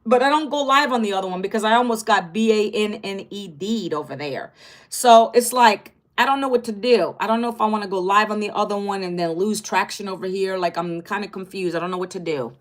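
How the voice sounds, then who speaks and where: A woman's voice: mid-range voice, a little fast. A woman in her fifties, a content creator, chatting casually on a livestream, greeting viewers by name in an upbeat, chatty way. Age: 50s.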